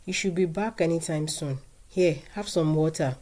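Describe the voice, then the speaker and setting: A woman voicing a patient young wife in a storybook tale, soft and pleading yet firm. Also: deep voice, moderate pace. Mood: gentle.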